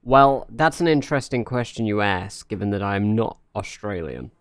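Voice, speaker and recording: A man's voice: lowish voice, animated, normal speed, dry recording. A young English man chatting casually on a live stream, rambling and joking with lots of fillers. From England. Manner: rambling, jokey, many fillers. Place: home in Norway.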